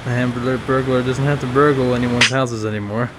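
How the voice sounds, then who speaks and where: A young man reacting loudly to a game with friends. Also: medium pitch, fairly quick, poor audio. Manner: loud, excitable reactions. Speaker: friend in group chat. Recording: loud noise and clicks.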